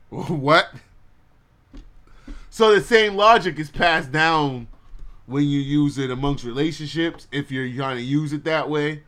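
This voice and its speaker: A man's voice: a little high, slow pace, long pauses, bright, forceful tone. A man hosting his own podcast, ranting bluntly and profanely to his live chat and laughing at his own jokes. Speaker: podcast host.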